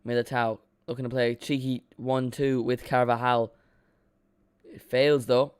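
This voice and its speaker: A man gives loose, excitable play-by-play of a football match while chatting to his stream, often poking fun at himself. His voice comes across smooth and clear, at an ordinary pitch, recorded dry and close with no room around it. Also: unhurried, no echo. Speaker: live watchalong streamer. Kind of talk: casual play-by-play commentary.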